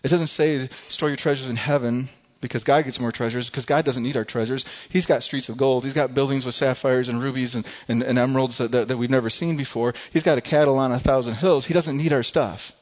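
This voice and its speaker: A man preaching a sermon, telling a folksy, animated personal story with frequent restarts. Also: medium pitch, brisk, few pauses, lo-fi sound. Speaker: pastor.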